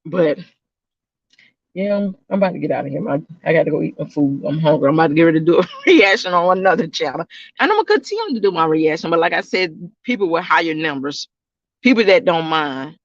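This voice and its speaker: High-voiced man, loose casual vlog talk. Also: lively intonation, fast, no room sound, muffled recording. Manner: rambling, repeats himself, talks straight to viewers. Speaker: YouTube reaction channel host.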